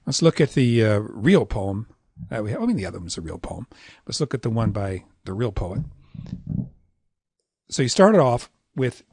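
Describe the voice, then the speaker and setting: A middle-aged man lecturing on poetic meter, reciting verse lines and tapping out syllable rhythms in a relaxed, conversational way. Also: fairly low pitch, moderate pace, slightly rough, no echo, studio quality. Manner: relaxed, conversational asides with fillers.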